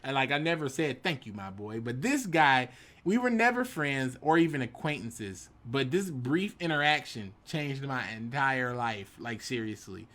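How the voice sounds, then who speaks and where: Animated man telling a story. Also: medium pitch, normal speed. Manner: animated, switches into dramatic voices for quotes. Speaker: YouTube storyteller.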